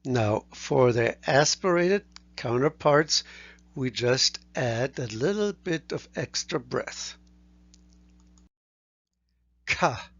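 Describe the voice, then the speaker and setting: A man teaching a language lesson, explaining sounds slowly and carefully and sounding out each letter. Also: medium pitch, animated, creaky, dry recording, highs cut off. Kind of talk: recorded lecture.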